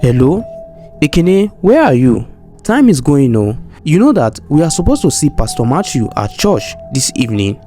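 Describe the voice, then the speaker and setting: A man voicing a worried, bossy female salon owner with scolding, high-pitched outbursts. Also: sing-song, moderate pace, dark tone, soft background music. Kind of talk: storybook narration acting.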